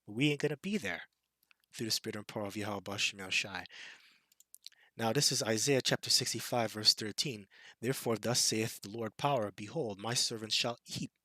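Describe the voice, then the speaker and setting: Fiery male street preacher, forceful bright tone, taunting delivery, dry close sound. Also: fairly low pitch, normal speed, no echo. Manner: fiery and taunting, with scornful impressions and laughs. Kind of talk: scripture sermon.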